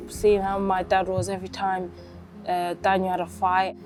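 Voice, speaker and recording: A woman's voice: mid-range voice, moderate pace, music in the background. A woman, casually telling her own story in an interview. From London, England. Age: 20s. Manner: casual, chatty, acts out quotes lively. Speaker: interviewee, boxer. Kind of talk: reflective personal storytelling.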